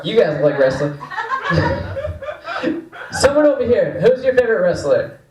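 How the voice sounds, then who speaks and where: A man's voice: sits high, wildly swooping pitch, measured pace, darkish tone, roomy sound, distant mic, lo-fi sound. A man hosting a stand-up comedy night, joking loosely and swearing between acts. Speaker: comedy show host. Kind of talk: stand-up emcee banter. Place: small comedy room.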